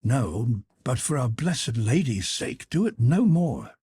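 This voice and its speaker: A man voicing a timid, frightened young male page in a high, pleading voice, in an audiobook reading. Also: big pitch swings, slow pace, warm tone, husky, dry recording, clean studio sound, exaggerated voice.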